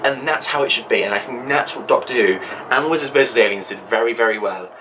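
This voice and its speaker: A man's voice: medium pitch, fast, sharp tone, a little hiss or hum, poor audio. A man hosting his own video channel, talking to camera in an enthusiastic, chatty way with frequent ums. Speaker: channel host. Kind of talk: casual vlog talk to camera.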